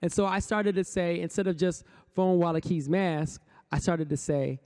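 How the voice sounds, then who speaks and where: A man's voice: high voice, normal speed, few pauses, warm tone, clear, resonant tone. A man, a poet and rapper, giving a motivational conference talk, chanting affirmations rhythmically and leading the audience in call-and-response. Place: conference hall stage.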